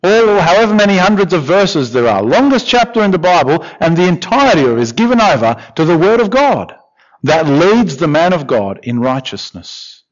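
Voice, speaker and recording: A man preaching a sermon, expressive, with questions and repeated emphatic lines. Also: fairly high pitch, normal speed. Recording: dull lo-fi recording.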